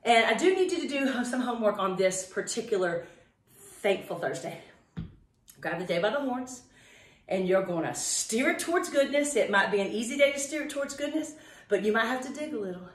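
A woman's voice: on the high side, lively intonation, brisk, roomy sound, distant mic. A woman fitness instructor leading a home workout class, counting reps in a playful sing-song way with cheerful asides, out of breath.

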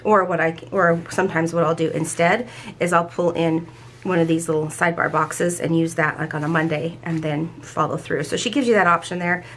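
A woman's voice: low-pitched, steady tone, brisk, a bit bright, a little hiss or hum. A woman hosting a planner channel, talking casually and enthusiastically as she shows off stickers, often restarting her sentences. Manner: enthusiastic, rambling with frequent restarts. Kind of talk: casual show-and-tell haul.

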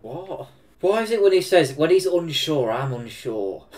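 A man with an English Midlands accent reacting to a film, excitable, swearing and laughing often. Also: fairly high pitch, measured pace, faint music behind. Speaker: reaction video host. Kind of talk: casual reaction commentary.

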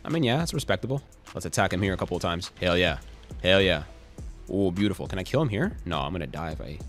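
Deep-voiced excitable young gamer man. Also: fast, soft background music. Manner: excitable, swearing, jokey, quotes song lines and memes. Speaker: gaming YouTuber. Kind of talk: casual gameplay commentary.

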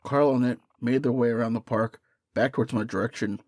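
Un hombre, presentador de un canal de terror, que lee en voz alta una historia de miedo con narración pausada y constante. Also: male voice, mid-range voice, no room sound. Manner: steady storytelling narration. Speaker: horror story narrator and channel host. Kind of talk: reading a creepypasta aloud.

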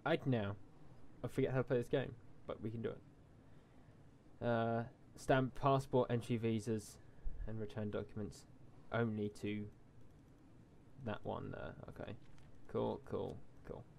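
A man's voice: fairly low pitch, flat delivery, unhurried, vocal fry, darkish tone, slight background noise. A man hosting a casual let's-play, reading game text aloud and adding mock asides in a jokey tone. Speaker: gaming channel host.

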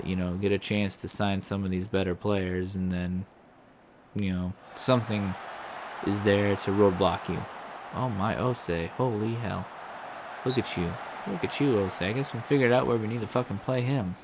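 A man's voice: lowish voice, background noise. A man commentating his own video game play, swearing and ranting in frustration at the game. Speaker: gaming commentator.

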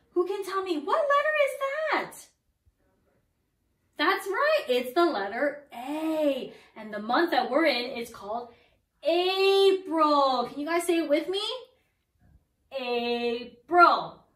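A woman's voice: high-pitched, a bit bright. A young woman leading toddlers through circle time from her home, in an exaggerated, encouraging sing-song teacher voice. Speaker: preschool teacher. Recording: roomy sound, far from the mic.

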